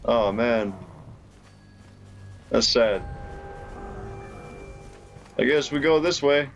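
A young man gives casual commentary while he plays a game. He talks slowly and unhurriedly in a mid-range voice but reacts excitably, laughing and rambling, and faint game music plays behind him. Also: mid-range voice, creaky, lo-fi sound. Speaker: gaming YouTuber.

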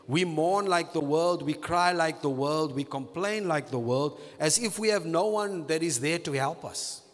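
A man preaching a sermon as pastor, repeating phrases and stretching key words slowly for emphasis. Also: on the high side, in a large hall.

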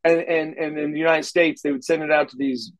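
Recorded in low quality, a middle-aged former wrestler being interviewed tells lively, casual stories, acting out lines with many restarts. His voice is a little high, with fairly even intonation and a slightly fast pace.

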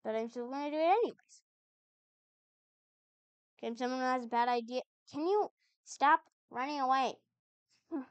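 A woman's voice: high-pitched, normal speed, long pauses, no echo, lo-fi sound. A woman giving chatty let's-play commentary, puzzled and talking back to the game as she plays. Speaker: gamer.

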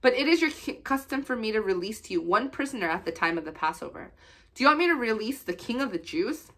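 A woman reading the lines of the governor Pilate aloud from scripture, raising her pitch on his questions. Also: animated, fast, a bit bright. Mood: questioning. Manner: read-aloud questions, pitched higher than the narration. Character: Pilate, questioning Roman governor, grown man.

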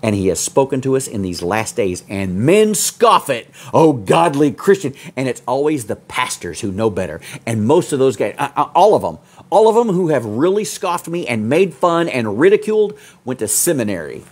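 A husky-voiced man preaches a fiery sermon. He swings from loud, high peaks down to low, muttered asides. His voice sits in a middle pitch. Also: very animated, normal speed. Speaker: pastor.

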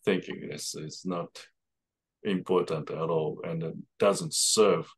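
A man co-hosting a conversation who talks slowly and hesitantly, reflecting aloud and adding frequent yeahs. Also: low voice, steady tone, slightly rough. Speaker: show co-host. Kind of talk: conversational interview.

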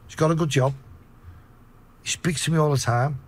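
A man with a Liverpool accent telling profane, animated stories in a casual interview. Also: a little high, normal speed. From Liverpool, England. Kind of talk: casual storytelling.

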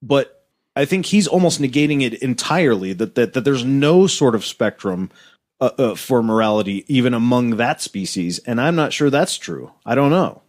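A man's voice: medium pitch, lively intonation, moderate pace. A man co-hosting a casual podcast, thinking aloud with lots of restarts and repeated words. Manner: hesitant, repeats words while reasoning. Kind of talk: casual debate chat.

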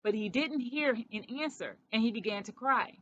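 Woman story reader for kids, expressive, slightly high voice, lo-fi home recording. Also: moderate pace, no room sound. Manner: expressive, animated character voices. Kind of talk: storybook read-aloud.

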